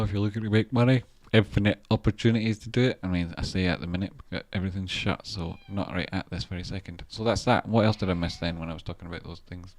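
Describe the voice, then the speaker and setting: A man's voice: low-pitched, a little mellow. A man hosting a casual live stream, rambling and thinking aloud about stock charts, with the odd swear word. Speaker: trader and channel host.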